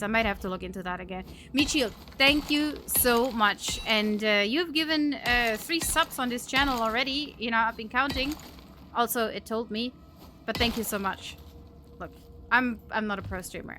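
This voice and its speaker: A woman's voice: fairly high pitch, moderate pace, bright, forceful tone, slight background noise. A woman live streamer chatting casually with her viewers while gaming, giggly and chatty as she thanks them and reacts to chat.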